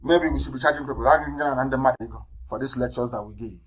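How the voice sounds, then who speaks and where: This radio address comes from a Nigerian movement leader speaking passionately at a moderate pace, alternating loud outbursts with quiet, low asides. He repeats phrases and spells words letter by letter. The audio is poor, with a little hiss or hum.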